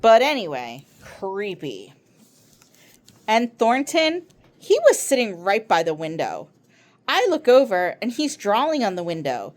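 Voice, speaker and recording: A woman voicing an excitable, chatty schoolboy who rambles eagerly through a long story. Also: medium pitch, a little slow.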